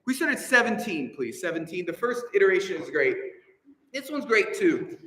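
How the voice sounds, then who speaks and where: A man's voice: high-pitched, big pitch swings, fairly bright tone. A man conducting a choir rehearsal, giving encouraging instructions between counts in a large hall. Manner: encouraging, coaching, quick asides between counts. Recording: echoey hall, heard from a distance. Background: choir and instruments playing.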